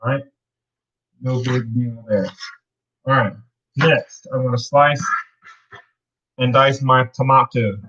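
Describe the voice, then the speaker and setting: A man hosting a home cooking video, talking viewers through each step in a relaxed, rambling way with playful wordplay. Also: medium pitch, slow pace, pauses often, lo-fi sound. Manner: chatty, rambling, plays with words. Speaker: cooking show host. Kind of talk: casual cooking demonstration.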